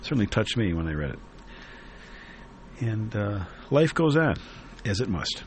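A man hosting a radio talk show, reading a newspaper column aloud in an earnest, reflective way with many pauses and fillers. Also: lowish voice, sing-song, a little hiss or hum.

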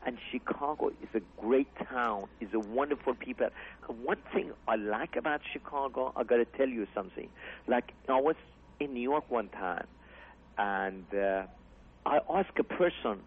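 A man talks in an earnest, rambling way, his English full of broken grammar and restarts. His voice is husky and mid-pitched. He sounds tinny and narrow, as if heard over a phone-like radio line. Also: normal speed. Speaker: comedy club owner. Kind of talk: casual radio interview chat.

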